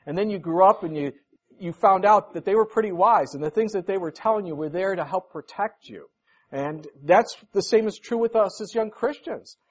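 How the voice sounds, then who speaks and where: A man's voice: high voice, moderate pace. A man preaching a conversational sermon as pastor, folksy and anecdotal, acting out the voices in his stories. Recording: dull lo-fi recording.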